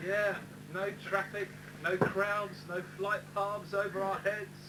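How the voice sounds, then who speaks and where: A man's voice: sits high, flat delivery, slow pace. A man playing a contented new islander husband. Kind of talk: amateur stage sketch. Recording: noisy live recording from far off.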